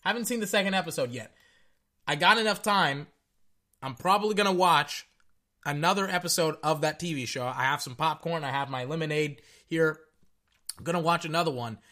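A young man giving casual, rambling reaction commentary on a football game, excitable and tripping over his words. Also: fairly high pitch, fairly quick. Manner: excitable, rambling, stutters and repeats himself.

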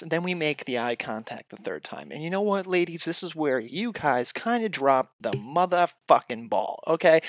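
A man delivering a profane comedic rant straight at the listener, swinging between loud outbursts and muttered asides. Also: a little high, no room sound, studio quality. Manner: heavy swearing, addresses the listener directly.

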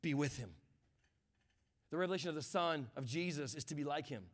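Slightly fast and on the high side, this guest pastor's sermon moves from hushed reflection into shouted fervor. Along the way he calls on the congregation to respond.

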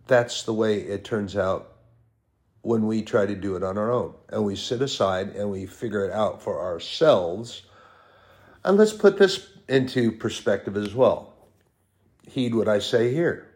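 A man preaching a sermon, stressing points with repeated lists and drawn-out words. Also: fairly low pitch, a little mellow.

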